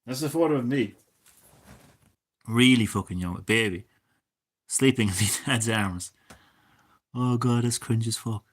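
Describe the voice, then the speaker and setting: A man in his thirties, chatting casually and swearing a lot as a gaming streamer, drifting between loud remarks and mumbled asides. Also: medium pitch, measured pace, pauses often. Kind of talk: casual rambling commentary.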